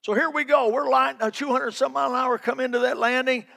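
A man's voice: very high-pitched, fairly even intonation, quick pace, gravelly, sharp tone. A man preaching a sermon, telling folksy personal stories in an emphatic, building delivery.

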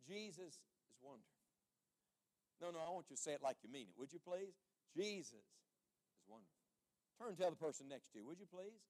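A man, a traveling evangelist, preaching an impassioned sermon, firing rhetorical questions and calling on the congregation to answer, swinging from loud to hushed. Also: on the high side, lively intonation, fast.

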